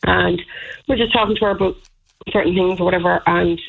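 A woman's voice: lowish voice, fairly even intonation, quick pace, gravelly, slightly rough. An Irish woman in her thirties calling a radio show, telling a story in a rambling, indignant way with many fillers. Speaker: caller. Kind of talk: phone-in call. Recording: tinny phone line.

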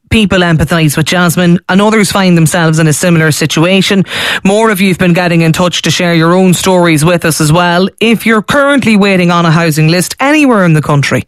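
A man presents live radio from the studio mic in a brisk, chatty manner. His voice sits high for a man. The sound is close and dry. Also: dry recording. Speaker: radio show host. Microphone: studio microphone.

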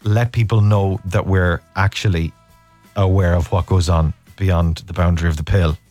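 A man in his thirties with an Irish accent, hosting a radio show and telling animated stories with frequent laughs. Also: low-pitched, normal speed, soft background music. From Ireland. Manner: animated storyteller, laughs often. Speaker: radio host. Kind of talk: casual radio chat.

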